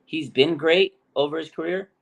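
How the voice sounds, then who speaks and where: Animated man telling a game-day story. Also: on the high side, normal speed, gravelly, lo-fi sound. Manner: animated storyteller, hyped praise. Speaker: podcast co-host. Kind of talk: casual sports talk.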